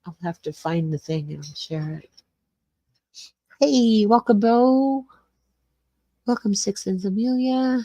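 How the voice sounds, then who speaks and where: A woman's voice: medium pitch, takes it slowly, pauses often, dark tone, dry recording, studio quality. An older woman hosting a casual livestream from her small garage suite, greeting viewers by name and rambling through the chat. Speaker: livestream host.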